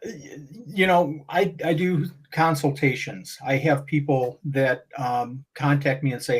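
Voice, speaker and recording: A man talking as a guest on a podcast, animated and rambling, often restarting his sentences. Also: on the high side, measured pace, few pauses, breathy edge, poor audio. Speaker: guest breeder. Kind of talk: casual podcast conversation.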